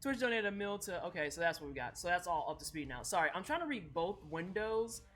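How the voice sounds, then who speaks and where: A woman streamer chatting casually while baking, animated and slangy, swearing freely. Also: on the low side, quick pace.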